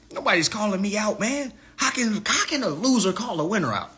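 Brash ranting man, high lively voice. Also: normal speed. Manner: brash, taunting, repeats "all right? okay?". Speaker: livestream host. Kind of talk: ranting livestream monologue.

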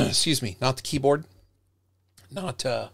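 A middle-aged man, a professor, giving an animated, direct lecture on public speaking to his students, recorded close to a webcam mic. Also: medium pitch, slow, gravelly, slightly rough, no echo. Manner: animated, direct, demonstrates tones by acting them out.

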